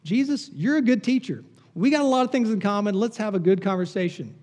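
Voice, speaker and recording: A preacher doing a cocky rich young guy with a raised, breezy, chummy voice. He sounds pleased with himself and eager to get friendly. The voice is mellow underneath. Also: sits high, a little fast, in a large hall. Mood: self-satisfied. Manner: breezy, chummy, self-satisfied. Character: smug self-assured rich young man.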